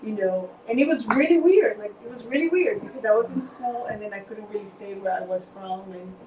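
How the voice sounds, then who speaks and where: A woman's voice: mid-range voice, fairly quick. A woman joining a casual group discussion, chatty and full of "like.". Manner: chatty, says "like" a lot. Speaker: discussion participant. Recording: echoey room, mic far off, clear noise.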